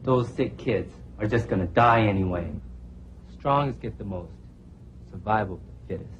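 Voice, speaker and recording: A man's voice: on the low side, normal speed, muffled recording, a little hiss or hum, lightly acted. An actor playing a bossy, domineering male student who puts himself in charge. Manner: cold, bossy. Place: low-budget film scene.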